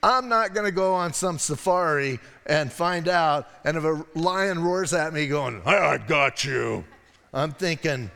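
A man preaching a sermon as pastor, in a conversational style with digressive asides and animated moments. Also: mid-range voice, in a large hall. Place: church sanctuary.

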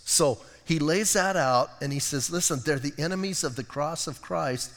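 A pastor preaching a conversational sermon, often saying "listen" and dropping in joking asides. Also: male voice, on the high side, lively intonation, normal speed, few pauses, big-room sound. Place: church sanctuary.

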